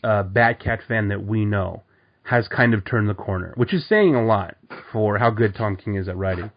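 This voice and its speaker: A man's voice: fairly low pitch, normal speed. A man co-hosting a casual comic book podcast, talking in a rambling way full of fillers and restarts. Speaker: podcast co-host. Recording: dull lo-fi audio.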